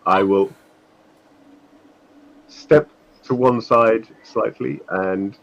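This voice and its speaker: A man's voice: fairly low pitch, fairly even intonation, very slow, gravelly, a bit bright, muffled recording. A man playing a tabletop role-playing game, politely describing what his character does. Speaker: player.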